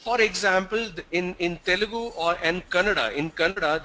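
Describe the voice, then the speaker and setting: High bright Indian English lecturer. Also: male voice, rough recording. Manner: explains slowly, repeats and asks students questions. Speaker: teacher. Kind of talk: classroom lecture to an online class.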